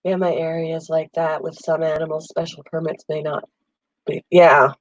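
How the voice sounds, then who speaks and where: A woman's voice: low-pitched, level tone, normal speed, dry recording, muffled recording. A woman with a cold hosting a casual pet chat at home, rambling with lots of ums and an occasional cough. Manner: rambling, friendly, many ums. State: has a summer cold, coughing. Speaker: pet channel host. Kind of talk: casual live chat with viewers. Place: home room with air conditioner.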